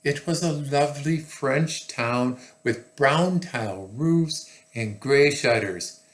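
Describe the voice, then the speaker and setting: A man reading a picture book aloud to children, slow and expressive with chatty asides. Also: medium pitch, echoey room.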